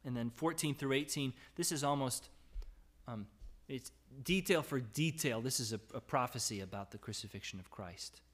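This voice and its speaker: A man preaching a conversational sermon in a middle-pitched voice. He reads scripture aloud and lifts his voice when he voices cries of despair. Between readings he talks easily and often asks "right?". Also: normal speed, fairly bright tone. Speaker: pastor.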